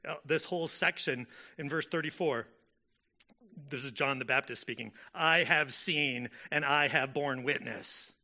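A man's voice: on the high side, bright, forceful tone. A man preaching a sermon in a conversational way, with frequent fillers and self-corrections as he explains a scripture passage. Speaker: pastor.

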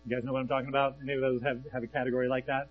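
A man's voice: mid-range voice, little pitch movement, very fast, phone-quality sound. A man preaching a sermon in a conversational way, often checking in with listeners and reading scripture aloud between his comments. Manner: conversational, often asks the audience "right?". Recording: faint mains hum.

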